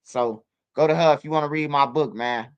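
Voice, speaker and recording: A man's voice: on the high side, fairly quick, smooth, muffled recording. A man hosting a casual livestream, emphatic, repeating himself and swearing freely. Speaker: streamer and channel host.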